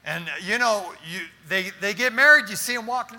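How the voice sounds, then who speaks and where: A middle-aged man preaching as pastor, talking in an animated, casual way and often calling his listeners "man". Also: high voice, moderate pace, in a large hall. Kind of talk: sermon.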